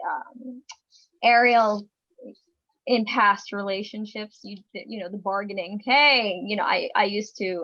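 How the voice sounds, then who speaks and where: A woman who acts, talking in an animated way and acting out quotes on a video call. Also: medium pitch, creaky, no room sound, lo-fi sound. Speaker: actor. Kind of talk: casual video call chat.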